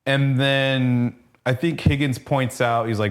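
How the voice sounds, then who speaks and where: Man, co-host, mid-pitch, loose profane recap style with quick asides. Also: steady tone. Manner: rambling, swears freely, acts out cops' lines in passing. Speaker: comic book podcast co-host. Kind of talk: casual profane recap chat.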